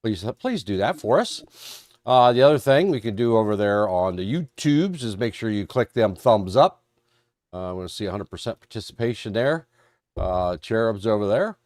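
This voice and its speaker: Folksy stream moderator, stuffed up from a cold, low-pitched, recorded dry and close. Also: male voice, lively intonation, moderate pace, darkish tone, dry recording. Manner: folksy, rambling, self-deprecating. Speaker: trading show moderator. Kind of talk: live-stream market talk.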